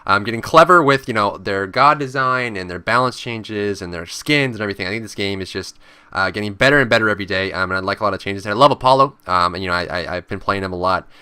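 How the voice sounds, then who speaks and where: Fast-talking bright-voiced man. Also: smooth, dry recording. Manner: animated, acts out panicked players in high voices. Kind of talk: casual gaming chat.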